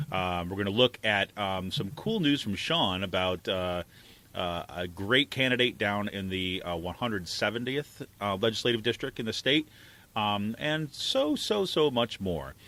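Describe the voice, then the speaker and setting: A middle-aged man hosting a casual political talk show, animated and loose, laughing often. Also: medium pitch. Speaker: podcast host and editor.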